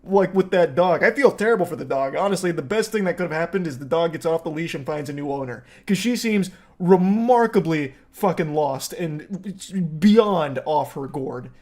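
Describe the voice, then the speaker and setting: A man's voice: fairly high pitch, expressive, normal speed, hardly any pauses, a little mellow. Sarcastic male commentator. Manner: sarcastic, joking, swears. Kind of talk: reaction commentary.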